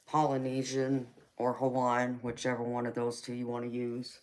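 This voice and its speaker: A woman's voice: extremely low pitch, completely flat delivery, moderate pace, hardly any pauses, a little mellow. A middle-aged woman with a Southern US accent, hosting a casual live chat and calling viewers "baby" affectionately. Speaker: tarot reader and livestream host.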